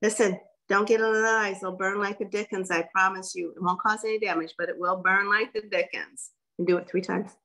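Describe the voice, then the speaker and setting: A woman's voice: medium pitch, fairly quick, few pauses. A woman giving a direct, folksy workshop talk as guest speaker. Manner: lively, direct, folksy coaching. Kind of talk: workshop presentation.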